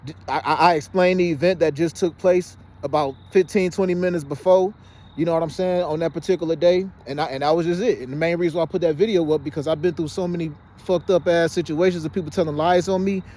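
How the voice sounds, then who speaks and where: Man, fast, fairly high voice, insistent, outdoors, phone-recorded. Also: steady tone, a little mellow. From Detroit, Michigan. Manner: rapid and insistent, often says "you know what I'm saying". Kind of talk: casual monologue to camera. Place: outdoors by a fenced exercise area.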